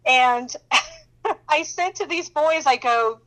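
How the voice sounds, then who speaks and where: Animated woman sharing faith testimonies. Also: high-pitched, slow pace, low-quality recording. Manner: animated, emphatic, laughs often while talking; addresses listener directly with "okay?" and "you know".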